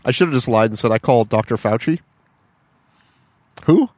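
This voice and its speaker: A man's voice: mid-range voice, rapid-fire, no room sound. A man co-hosting a podcast, casually telling a story and acting out both sides of a phone call. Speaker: podcast co-host.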